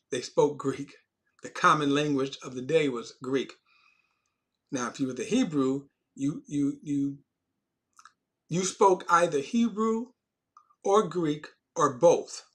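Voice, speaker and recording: Man, Bible teacher, conversational, restarts phrases, stresses key words, slightly high voice. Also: a bit bright. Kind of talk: informal Bible class teaching.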